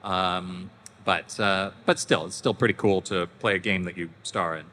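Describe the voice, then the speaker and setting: Lively middle-aged man in an echoing hall. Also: sits low, moderate pace. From Canada. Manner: animated, laughs, acts out voices in anecdotes. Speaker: convention panel guest. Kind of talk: casual storytelling to an audience. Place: large convention hall. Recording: reverberant hall with faint noise.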